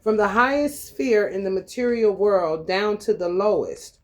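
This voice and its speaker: A woman's voice: medium pitch, unhurried. A woman hosting a spiritual channel, talking in a blunt, profane, streetwise way as she reads scripture aloud and riffs on it in a casual monologue.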